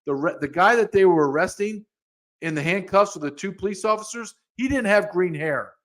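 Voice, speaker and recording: A man's voice: high voice, lively intonation, a little fast, a bit bright. A man hosting a podcast, ranting angrily in heated commentary, with frequent restarts and repeated words. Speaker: podcast host.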